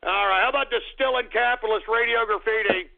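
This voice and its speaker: A man hosting a call-in radio show, ranting angrily and swearing with a profane shouting manner. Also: high-pitched, fast, vocal fry. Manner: angry, profane shouting rants. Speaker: radio host. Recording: tinny lo-fi radio sound.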